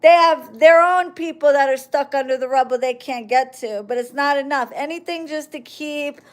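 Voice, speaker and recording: A woman's voice: high-pitched, moderate pace. A woman hosting a live stream, talking to her viewers in a sarcastic, ranting, mocking monologue.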